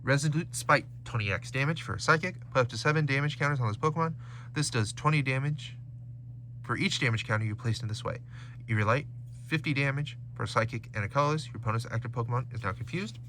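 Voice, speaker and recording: A man's voice: mid-range voice, fast talker, a little hiss or hum. A man casually chatting while opening trading card packs at home, reading out card names and stats. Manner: animated, reads card names and stats aloud.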